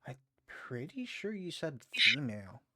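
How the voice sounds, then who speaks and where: A man's voice: medium pitch, big pitch swings, unhurried, bright, forceful tone, no room sound, clean studio sound. A young man playing in a tabletop game, casually asking short questions and double-checking details. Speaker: player.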